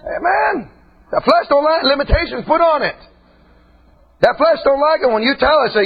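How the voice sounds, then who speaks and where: A man preaching a sermon with passion, his voice rising to shouts and dropping low again. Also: expressive, normal speed, dull audio. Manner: impassioned, shouting, swinging between loud and quiet.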